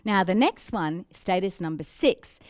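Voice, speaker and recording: A woman presenting a business training talk to an audience. She talks in a lively, demonstrative way and breaks into playful giggly impressions to make her points. Her voice sounds dry and close, with no room echo around it. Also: fairly low pitch, a little slow. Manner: demonstrative, acts out examples with giggles.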